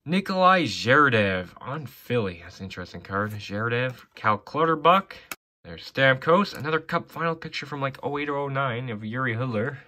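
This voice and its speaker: A man with a bright, forward tone talks casually while he opens hockey card packs. He reads player names off one after another and drops offhand comments between them. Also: mid-range voice, animated, moderate pace. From Canada. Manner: reads names off cards in a running list with offhand asides. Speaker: card collector opening packs. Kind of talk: casual box-break commentary.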